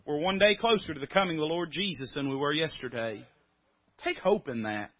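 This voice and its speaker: A man preaching a sermon, emphatic and swinging between loud and quiet. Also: a little high, animated, a little fast, dry recording. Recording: dull dry recording.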